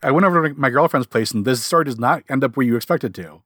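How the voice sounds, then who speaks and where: A man's voice: mid-range voice, very fast, background noise. A man co-hosting a comic book podcast, chatting casually and rambling with many fillers and restarts. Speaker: podcast co-host. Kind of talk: casual chat.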